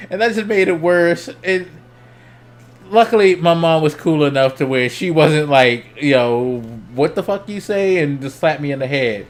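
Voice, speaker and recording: Swearing, animated male streamer. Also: fairly high pitch, normal speed. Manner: animated, swears freely, voice jumps up when excited; laughs between lines. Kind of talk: casual storytelling.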